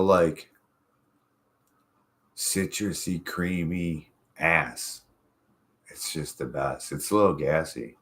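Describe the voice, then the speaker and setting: A man with an exceptionally deep, low voice chats casually as a show host. He rambles from story to story, swearing freely and easily. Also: a bit bright. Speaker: podcast host. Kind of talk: casual chat.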